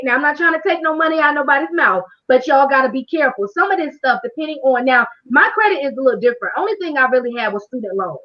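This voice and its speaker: A woman hosting a live online money workshop, talking straight to her audience with a lively, preacher-like fervor over a video call. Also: high voice, lo-fi sound. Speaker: financial coach hosting a training.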